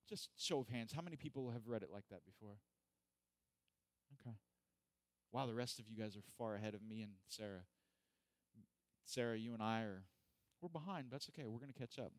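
A man's voice: lowish voice, a little fast, no room sound. A man preaching a casual, joking sermon who acts out the people in the story. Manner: animated, joking, acts out voices. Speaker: pastor. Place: church hall.

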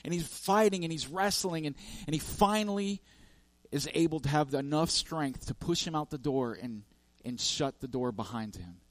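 A man's voice: a little high, lively intonation, moderate pace, dry recording. A man preaching a sermon, telling a parable with emphatic, repetitive lists and frequent restarts. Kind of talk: sermon storytelling.

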